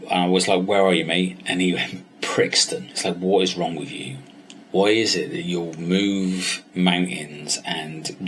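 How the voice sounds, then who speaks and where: Slight background noise sits under this low voice. It belongs to a Somerset man, a weight-loss coach, sharing a personal story in a frank, sweary way. He brings the dialogue to life by voicing both people in each exchange.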